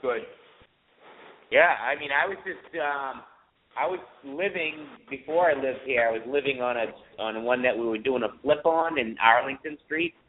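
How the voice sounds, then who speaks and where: A man hosting a paranormal talk radio show, chatting casually and telling his own house story in a lively, expressive way. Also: mid-range voice, moderate pace, narrow, tinny audio.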